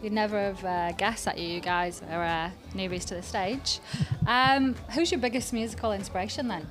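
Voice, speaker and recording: A woman with a mid-range voice interviews performers, asking questions in a friendly, encouraging tone. Music is clearly heard behind her. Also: mid-range voice, moderate pace. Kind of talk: casual backstage interview.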